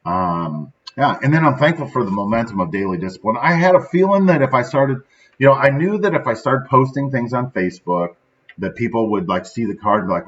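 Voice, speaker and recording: A man's voice: mid-range voice, animated, brisk. Upbeat man rambling with a muffled sound. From central Illinois. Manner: rambling, upbeat, often adds "right?". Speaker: host of a daily motivational show. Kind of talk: casual motivational talk. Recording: slightly dull, lo-fi sound.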